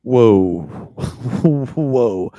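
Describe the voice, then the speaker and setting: A man's voice: mid-range voice, animated, extremely slow, warm tone, no room sound, dull audio. A man co-hosting a casual livestream, reading a magazine aloud with sarcastic, jokey asides. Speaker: podcast co-host.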